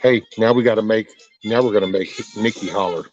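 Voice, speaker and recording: A man's voice: lowish voice, a little fast, darkish tone. A man hosting a vlog, chatting casually and joking with plenty of swearing while he works. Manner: loose and joking, with frequent swearing. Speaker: vlog host. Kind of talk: casual chat while working outdoors. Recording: dull lo-fi sound with music.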